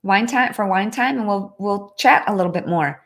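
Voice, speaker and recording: A woman's voice: mid-range voice, moderate pace. A woman hosting a casual livestream, chatting earnestly and reading out viewer comments, often breaking off and restarting. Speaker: livestream host.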